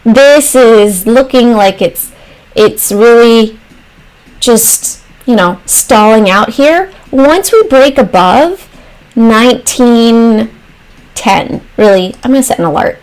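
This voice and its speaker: A woman's voice: fairly high pitch, expressive, darkish tone, low-quality recording. A woman hosting a stock trading livestream, walking through charts and answering viewers' chat messages as she thinks aloud. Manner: thinks aloud with pauses and trailing phrases. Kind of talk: casual livestream commentary.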